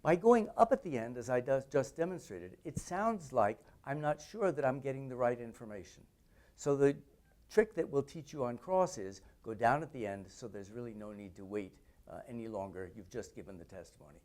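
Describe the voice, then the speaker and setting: A middle-aged man teaching trial lawyers, explaining courtroom questioning in a deliberate, demonstrative way. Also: mid-range voice, animated, darkish tone. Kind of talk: instructional talk with mock courtroom questioning.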